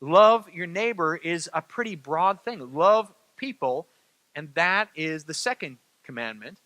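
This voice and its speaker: A man's voice: a little high, lively intonation, a little slow, pushed and bright, no room sound. A middle-aged man preaching a sermon as pastor, in a conversational way that keeps checking in with the congregation. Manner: conversational, repeats phrases, asks "right?" of the crowd.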